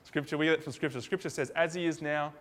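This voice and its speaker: A man's voice: fairly high pitch, steady tone, fast, fairly bright tone. A man preaching a sermon in a loose, conversational way, acting out little dialogues in different voices. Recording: hall reverb.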